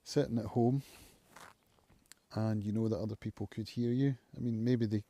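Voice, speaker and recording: Mellow-voiced man musing aloud. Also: fairly low pitch, steady tone. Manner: reflective, musing, thinks aloud with pauses. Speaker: channel host, recovering alcoholic. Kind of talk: casual live-stream monologue.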